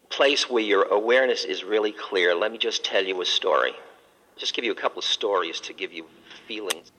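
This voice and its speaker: An older man with a low, deep voice that carries a bright edge tells stories slowly and gently. He speaks like a spiritual teacher giving a talk, breaking now and then into soft laughs. His voice rings through a hall with a long reverb. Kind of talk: storytelling talk.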